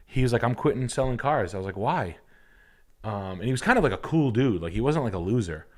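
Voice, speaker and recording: A man's voice: lowish voice, expressive, racing. Young guy on a stream riffing crude jokes, voice bounces all over. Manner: crude, rambling, acts out goofy voices. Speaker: livestream host. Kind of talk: casual comedic chat.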